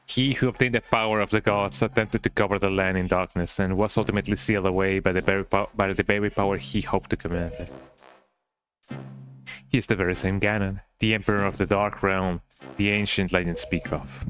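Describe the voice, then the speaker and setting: A man's voice: low-pitched, fairly even intonation, fairly quick, a bit bright, soft background music, rough recording. A man voicing a wise old talking boat who guides the hero, in a grave, stately way. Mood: solemn. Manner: grave, stately storybook delivery.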